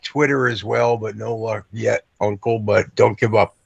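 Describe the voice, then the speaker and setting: A man's voice: on the low side, steady tone, moderate pace, vocal fry, slightly rough, dry recording, lo-fi sound. Chummy male caller. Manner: chummy, joking. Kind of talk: call-in chat.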